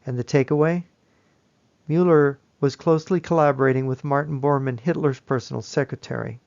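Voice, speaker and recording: A man giving a lecture-style presentation, telling the story in a measured, emphatic way. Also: mid-range voice, fairly even intonation, creaky, a little mellow, muffled recording.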